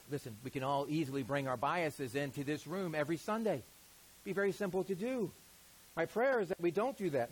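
A man preaching a Sunday sermon in a relaxed, conversational manner, with a fairly high speaking voice. He talks to the congregation with casual asides. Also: rough recording. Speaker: pastor.

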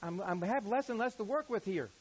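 A man doing a high, exasperated prophet. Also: animated, fairly quick, slightly rough. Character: excited, pleading male prophet.

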